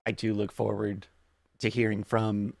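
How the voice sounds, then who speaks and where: A man co-commentating a curling match, breaking down shots with dry, deadpan asides. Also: lowish voice, a little slow, gravelly. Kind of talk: live sports commentary.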